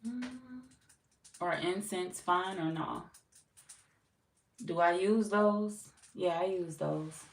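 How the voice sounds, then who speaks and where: A young woman hosts a livestream, chatting with viewers in a slow, laid-back, slangy drawl, teasing and laughing easily. Her voice sits a little low. She is set back from the mic in a roomy space with faint noise underneath. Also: far from the mic. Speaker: tarot livestream host. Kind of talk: casual livestream chat reading comments.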